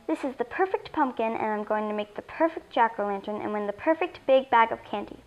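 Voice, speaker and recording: Woman doing an excitable little girl. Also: fairly high pitch, brisk, lo-fi sound. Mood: bossy. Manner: excited, snappy.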